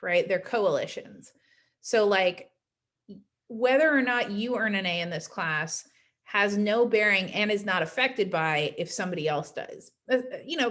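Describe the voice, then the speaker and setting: A woman's voice: mid-range voice, a bit bright. A woman teaching a class in a casual recorded lecture, chatty and often adding "right?" to check in with her students. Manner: chatty, frequent "right?" tags.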